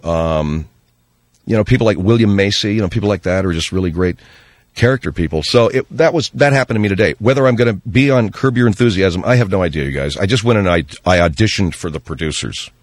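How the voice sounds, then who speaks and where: A middle-aged man hosting a radio show, telling an animated story and slipping into voices when he quotes people. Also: deep voice, fast talker, dry recording, clean studio sound. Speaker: radio host. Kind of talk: storytelling monologue on talk radio.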